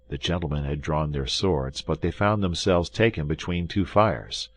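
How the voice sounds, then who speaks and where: A man narrating a classic adventure audiobook in an expressive, measured storytelling manner. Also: a bass voice, no room sound.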